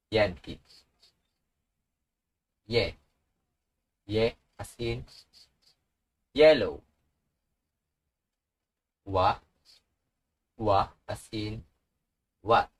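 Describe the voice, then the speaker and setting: Slow-paced man teaching letter sounds. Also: fairly low pitch, poor audio. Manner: slow, repeats each sound with example words. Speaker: language teacher. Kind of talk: slow instructional tutorial.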